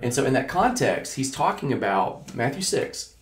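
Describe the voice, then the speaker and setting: A man's voice: medium pitch, very animated, moderate pace, a crowd in the background. A man hosting a podcast, chatting casually about faith, dropping jokes and then reflecting. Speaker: podcast host. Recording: roomy, echoey sound.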